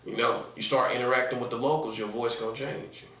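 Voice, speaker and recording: A man's voice: mid-range voice, fairly even intonation, brisk, a bit bright, roomy sound. A man from North Carolina with a Southern accent, preaching in a casual, emphatic monologue full of rhetorical questions and slang. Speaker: prophet.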